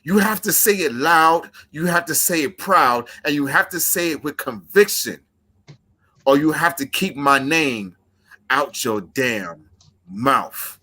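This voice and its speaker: A man's voice: a little high, expressive, a little slow, sharp tone. A man delivering an intense, emphatic wrestling promo to his rival. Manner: intense, emphatic, trash-talking.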